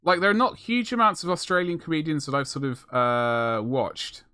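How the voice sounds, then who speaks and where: A man's voice: fairly high pitch, fairly even intonation, normal speed, sharp tone, clear, resonant tone, no echo, clean studio sound. Jokey rambling male streamer. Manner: rambling, jokey, self-mocking asides. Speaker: streamer painting miniatures. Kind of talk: casual live-stream chat.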